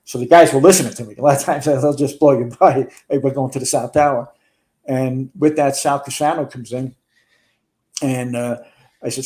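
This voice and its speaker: A man's voice: medium pitch, fairly even intonation, moderate pace, a little mellow. A man, a retired fire chief telling a long story in a casual interview, rambling with restarts and some swearing. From New York.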